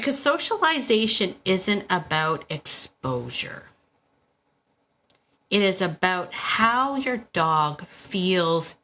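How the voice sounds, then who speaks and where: Bright, chatty woman podcast host. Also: medium pitch. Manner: animated, chatty, self-interrupting with asides. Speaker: podcast host and dog trainer. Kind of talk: casual podcast monologue. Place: home podcast room. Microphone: podcast microphone on a stand.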